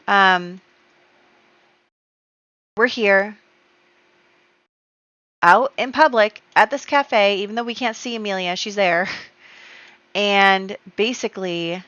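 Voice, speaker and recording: A woman's voice: mid-range voice, takes it slowly, pauses often, a bit bright, dry recording. A woman casually commenting on her life-sim game, chatty and storytelling, with many fillers. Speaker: gameplay YouTuber. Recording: dull lo-fi dry sound.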